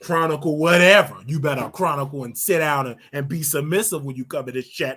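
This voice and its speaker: Brash, bright-voiced older male show host. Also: on the high side. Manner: brash, animated and scolding, drawn-out emphatic words. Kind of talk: casual commentary monologue.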